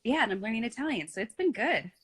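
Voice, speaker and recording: A woman's voice: a little high, expressive, fast, a bit bright, slightly rough. A woman hosting a casual live chat, talking eagerly with lots of fillers and asking questions. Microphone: phone on a live video stream.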